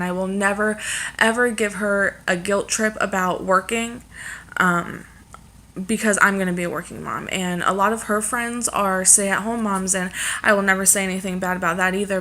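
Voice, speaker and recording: A woman's voice: mid-range voice, bright, forceful tone. A pregnant young woman chatting casually to camera in a rambling way, with many fillers. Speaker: vlogger.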